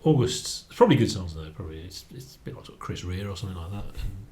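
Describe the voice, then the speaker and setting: A man's voice: low voice, expressive, very fast, darkish tone. A man, chatting casually as co-host of a book review, laughing often and repeating words as he thinks. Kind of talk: casual chat.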